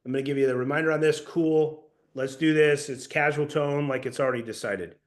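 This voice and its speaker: A lively, slightly higher-voiced man running a sales training. He talks casually and with energy, tossing in slang and praise as he coaches. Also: brisk. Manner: casual, energetic, swears and says "dude".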